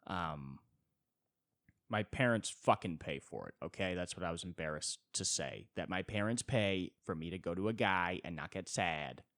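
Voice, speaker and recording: A man's voice: deep voice, animated, moderate pace, a bit bright, no room sound. A young American man hosting a solo comedy podcast, rambling and self-deprecating. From United States. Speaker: podcast host.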